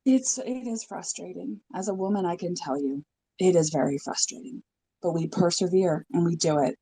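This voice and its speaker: A woman in a casual call-in chat, telling a joke with lively storytelling. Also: lowish voice, moderate pace, slight background noise. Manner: animated storytelling joker.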